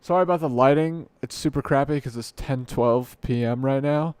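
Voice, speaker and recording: A man's voice: mid-range voice, moderate pace, darkish tone, smooth, dry recording. A young man hosting an unscripted solo podcast late at night, rambling and correcting himself as he jokes at his own expense, into a desk mic at home. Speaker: podcast host. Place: home room at night, dim light.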